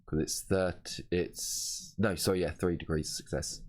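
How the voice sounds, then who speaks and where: Deep-voiced man running a tabletop game. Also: unhurried. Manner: relaxed, rambling, self-correcting. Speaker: game master.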